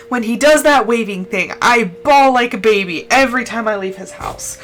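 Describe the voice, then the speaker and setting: A young woman streamer with a bright, forceful voice tells a personal story in a casual, tearful way. She talks a little high, and soft music plays behind her. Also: normal speed, few pauses, rough recording. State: crying. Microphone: desk mic, no camera.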